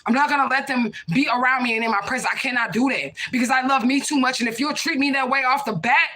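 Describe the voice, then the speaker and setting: A woman's voice: high-pitched, fast talker, few pauses, sharp tone. A young woman reading cards on a live stream, speaking bluntly, swearing often and punctuating her points with "okay?" and "period, point blank.". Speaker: card reader. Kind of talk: casual live-stream talk.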